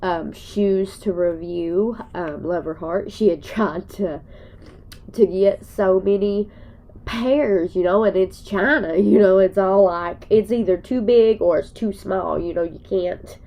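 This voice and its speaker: A woman's voice: mid-range voice, slow, dark tone. A woman vlogger talking to her viewers while crying, in a rambling, folksy way. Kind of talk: emotional personal vlog.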